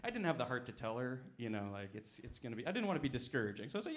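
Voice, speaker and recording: A young man performing a stand-up set at a comedy club, with deadpan, self-mocking asides. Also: mid-range voice, racing. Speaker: stand-up comic.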